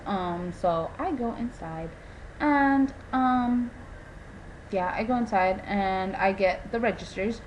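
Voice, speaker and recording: Young woman ranting to camera about work, exasperated, medium pitch, a little background hiss. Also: slow, poor audio. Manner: exasperated, animated storytelling, lots of "like". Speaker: vlogger. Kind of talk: casual ranting vlog.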